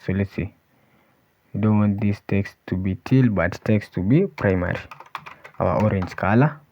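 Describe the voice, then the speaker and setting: A man teaching a coding tutorial, thinking aloud as he types and often pausing to say "let's see". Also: on the low side, slight background noise. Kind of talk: screen-recorded coding walkthrough. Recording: dull lo-fi voice recording. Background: keyboard typing and clicks.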